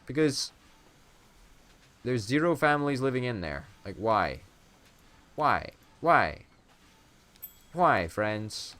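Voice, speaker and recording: A man's voice: mid-range voice, big pitch swings, takes it slowly, long pauses, a bit bright. A man giving playful, swearing let's-play commentary and hamming it up as a would-be dictator. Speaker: gaming YouTuber.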